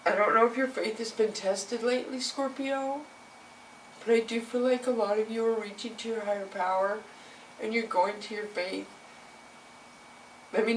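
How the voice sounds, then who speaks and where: Woman tarot reader, lowish voice, earnest and teary, slightly distant mic with faint room noise. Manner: emotional, earnest, speaks directly to viewer. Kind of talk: casual tarot reading to camera.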